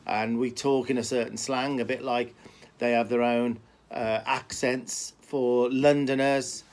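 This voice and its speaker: Brummie horse trainer, man, mid-pitched, rambling, casual. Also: flat delivery, measured pace. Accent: Birmingham (Brummie), softened. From Birmingham, England. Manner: rambling, repeats words, many fillers. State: limping. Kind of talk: casual talk to camera.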